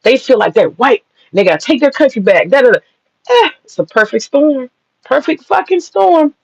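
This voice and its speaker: A man's voice: high-pitched, creaky, husky, no echo. A man giving blunt, profane, emphatic commentary. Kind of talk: casual commentary. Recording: dull lo-fi sound.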